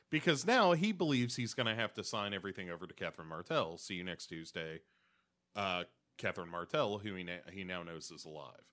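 A man chatting casually as a podcast co-host, recapping a TV episode and slipping into quick character impressions. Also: deep voice, fairly bright tone.

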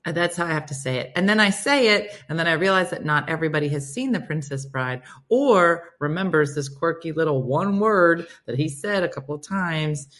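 A woman's voice: low-pitched, animated, a little fast, hardly any pauses, fairly bright tone. A woman hosting a casual livestream chat, reading and reacting to viewer comments with frequent laughter.

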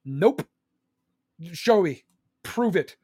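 A man's voice: sits high, expressive, very slow, dark tone, husky, no echo, clean studio sound. A man ranting angrily and profanely, heated and sarcastic, saying he is still seething. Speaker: streamer ranting. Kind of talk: angry political rant.

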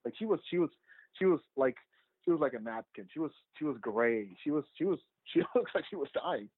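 A documentary filmmaker answers interview questions with casual stories, rambling along with lots of "like" and restarts. His voice is on the high side, lively in intonation, brisk and slightly rough. The line sounds tinny and phone-like, and the recording is dry.

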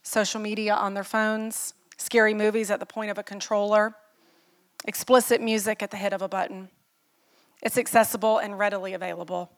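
A woman's voice: medium pitch, level tone, brisk, clean tone. A middle-aged woman pastor preaching a sermon in an earnest, personal way, telling stories and asking the listeners questions.

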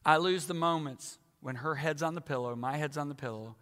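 A man's voice: on the high side, brisk, a bit bright. A man in his sixties preaching a sermon with emphatic, dramatic repetition. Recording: echoey hall.

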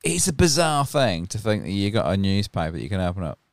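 A man's voice: lowish voice, sing-song, fast, gravelly, no echo. A man from the UK hosting a podcast, chatting casually with crude, laughing banter. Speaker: podcast host. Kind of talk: casual chat.

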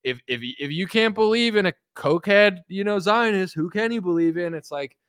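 A man's voice: high-pitched, a little fast, a bit bright, clear, resonant tone, dry recording, clean studio sound. A man ranting sarcastically on a casual livestream as a political commentator, rambling with constant fillers.

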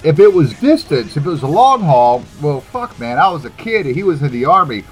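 A man's voice: on the high side, fairly quick, slightly rough, soft background music. A man co-hosting a casual podcast, telling stories with lots of swearing and laughter. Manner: animated storyteller, swears freely, laughs often. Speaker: podcast co-host. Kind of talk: casual chat.

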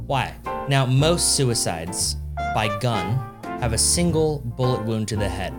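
A man's voice: medium pitch, lively intonation, unhurried. Man, podcast host, wry and jokey storyteller, swears freely, studio mic, music playing behind. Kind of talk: casual storytelling chat. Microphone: studio microphone.

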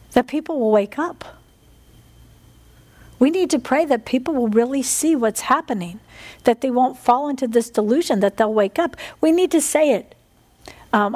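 A middle-aged woman preaching a fervent sermon, often asking her listeners for an "Amen". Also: fairly high pitch. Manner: fervent, animated, asks the congregation "Amen?".

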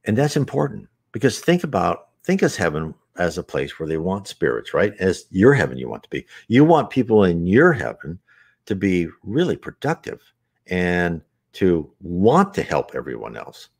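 Deep-voiced man giving a rambling spiritual talk. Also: wildly swooping pitch, normal speed, creaky, a little mellow, breathy edge. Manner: earnest, rambling with restarts and asides.

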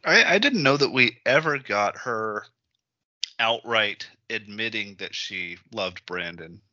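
A man's voice: fairly low pitch, animated, slow pace, sharp tone, no room sound. A man on a podcast chatting casually in a hesitant way. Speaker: podcast co-host or guest. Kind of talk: casual chat. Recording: dry, muffled podcast audio.

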